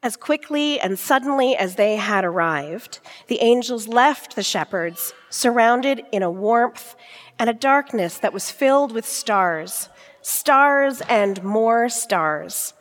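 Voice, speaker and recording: Woman reader for a church Christmas story, slow and gentle, long hall reverb. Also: on the high side, expressive. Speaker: scripture storyteller. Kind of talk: reading a nativity story.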